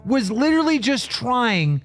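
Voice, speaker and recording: A man's voice: very high-pitched, measured pace, faint music behind. A man telling a heated story about a phone call on a talk show, swearing often and speaking with strong emphasis. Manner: profane, emphatic and animated.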